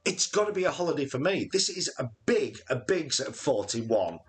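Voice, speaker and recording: A man's voice: mid-range voice, sing-song, moderate pace, slightly rough. Jokey rambling man in his forties. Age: 40s. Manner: jokey and rambling, with many fillers. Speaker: channel co-host. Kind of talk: live-stream Q&A chat.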